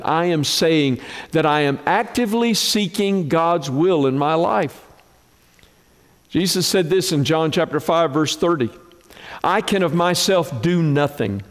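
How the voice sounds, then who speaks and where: A man preaching a sermon as pastor, slow and emphatic, with dramatic swings in pitch. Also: long reverb tail.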